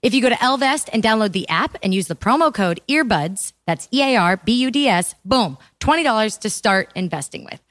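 A woman's voice: fairly high pitch, animated, fairly quick, hardly any pauses, a bit bright, no echo. A woman hosting a podcast, interviewing a guest in an upbeat, encouraging, casual way. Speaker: podcast host.

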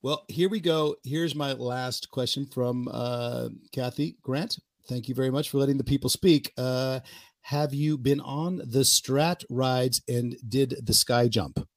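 A man's voice: medium pitch, fairly even intonation. A man hosting a podcast who chats casually, teases his guest and laughs readily. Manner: joking, teasing, quick to laugh. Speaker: podcast host. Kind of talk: casual interview chat.

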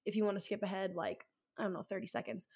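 A woman's voice: mid-range voice, fairly even intonation, fast talker, a little mellow, breathy edge. A young woman co-hosting a podcast, telling a personal story in a rambling, casual way, full of fillers and the odd swear word. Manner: rambling, full of likes and ums, swears freely. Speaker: podcast co-host.

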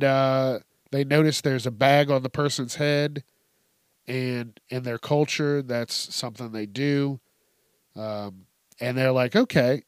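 A man's voice: medium pitch, clear, resonant tone, dry recording, studio quality. A man hosting a casual, profane news commentary show, telling odd stories with cursing and laughter. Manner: animated storytelling with heavy cursing and laughter. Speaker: host.

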